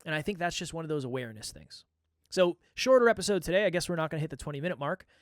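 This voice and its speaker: A man's voice: on the high side, animated, very fast, no echo. A man hosting his own podcast, talking candidly and reflectively in a coaching manner into a close microphone. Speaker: podcast host. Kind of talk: reflective solo podcast talk.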